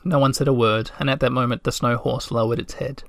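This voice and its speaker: A man reading a children's storybook aloud in a gentle, measured way. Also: medium pitch, fairly even intonation, dry recording, clean studio sound. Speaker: narrator.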